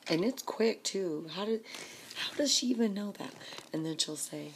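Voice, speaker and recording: Exasperated low-voiced woman ranting. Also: moderate pace, vocal fry, a bit bright, slight background noise. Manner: exasperated, complaining, drops to whispers. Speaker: vlogger. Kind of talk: ranting casual vlog.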